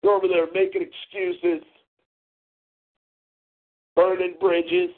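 A man's voice: fairly high pitch, unhurried, pauses often. A man hosting a talk show, ranting in a profane, mocking, confrontational way. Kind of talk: angry call-in show rant. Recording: tinny phone-line audio.

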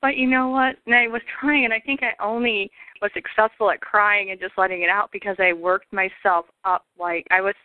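A woman's voice: medium pitch, fairly even intonation, normal speed, few pauses, dry recording. A woman on a group call chatting in a rambling way, full of "like" and "you know.". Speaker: call participant. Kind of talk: casual personal sharing. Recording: tinny phone line, dry.

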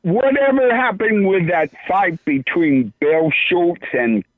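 A man's voice: high-pitched, lively intonation, slow pace, no echo. A man co-hosting a casual podcast chat, asking loose wandering questions. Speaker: co-host. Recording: tinny phone line, dry.

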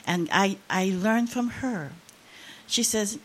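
A woman's voice: medium pitch, takes it slowly, a bit bright, slightly rough. An older woman preaching a sermon, sharing an emotional testimony with rising, impassioned emphasis.

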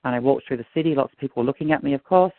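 An Australian man in middle age, appearing as a guest, rattles off a rambling, earnest and agitated personal story over a phone line. His voice is medium-pitched and rapid-fire, and the tinny line is dry with no echo.

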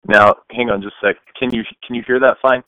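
A man's voice: mid-range voice, steady tone, fast, no echo, phone-quality sound. Practical man explaining on a call. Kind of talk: casual chat.

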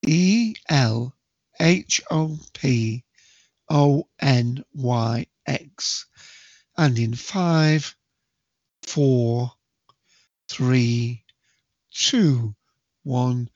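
A man hosting a solo podcast quiz in a chatty way, spelling out letters slowly and counting down to each answer. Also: medium pitch, a little mellow, dry recording, dull audio. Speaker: quiz host.

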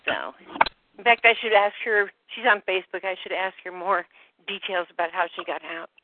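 A woman on a group phone call, slightly out of breath, talking in a halting way that trails off with many fillers. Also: mid-range voice, heavy background noise. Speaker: call participant. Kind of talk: rambling phone call chat. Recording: dry phone-line audio.

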